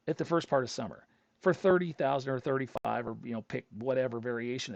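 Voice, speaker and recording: A man's voice: mid-range voice, quick pace, gravelly, dry recording. A middle-aged man hosting a show, telling a long personal story in a casual, rambling way that circles back on itself. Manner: rambling, chatty, self-interrupting storyteller. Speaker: host. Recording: dull lo-fi dry recording.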